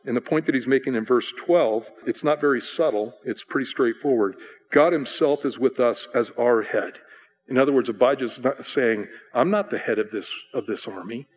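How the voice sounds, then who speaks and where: Conversational pastor in a reverberant hall. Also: male voice, medium pitch, normal speed, slightly rough. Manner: conversational Bible teaching with personal stories. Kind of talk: sermon.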